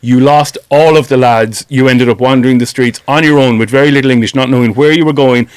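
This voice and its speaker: A man's voice: medium pitch, fairly even intonation, very fast, smooth, no room sound. A man hosting a radio show in the studio, chatty, recounting long anecdotes to his guest. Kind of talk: radio interview. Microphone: studio microphone, close and dry.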